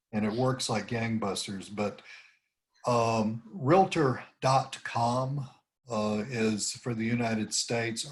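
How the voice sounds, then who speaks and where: A man leading an informal team meeting over a video call, rambling through tips and acting out sample phrases. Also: fairly low pitch. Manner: rambling, demonstrates phrases with rising intonation. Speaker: team leader coaching cold calls.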